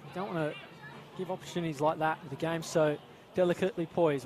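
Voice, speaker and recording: A man's voice: on the high side, fairly even intonation, fairly quick, crowd noise. A man with an Australian accent giving chatty live football analysis, with some hesitant restarts. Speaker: expert commentator. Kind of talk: live sports commentary.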